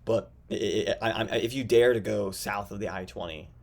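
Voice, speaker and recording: A young man hosting a podcast, talking in a rambling, casual way full of restarts and quick asides. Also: on the low side, gravelly, darkish tone. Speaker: podcast host. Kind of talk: casual chat.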